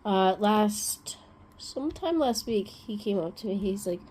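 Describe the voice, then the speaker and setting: A woman's voice: mid-range voice, expressive, unhurried, darkish tone, breathy edge. A woman hosting a crafting vlog, chatting casually and rambling through everyday stories. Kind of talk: casual chat.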